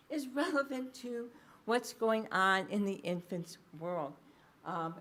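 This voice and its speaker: A woman researcher with a slightly high, somewhat bright voice gives a public lecture in a library space. Her delivery is conversational, full of fillers, "okay?" check-ins, and restarts and self-corrections mid-sentence.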